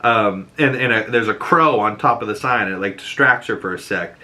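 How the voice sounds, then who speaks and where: A young man with a Boston accent casually recapping a TV episode, animated and laughing often, acting out quotes in higher voices. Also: fairly quick. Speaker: show reviewer.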